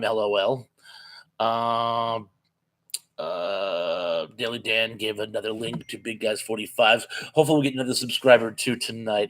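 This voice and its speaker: A man's voice: mid-range voice, fairly bright tone. A man hosting a live chat, reading out viewer comments and replying casually. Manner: chatty, reads viewer comments aloud and answers them with quick asides.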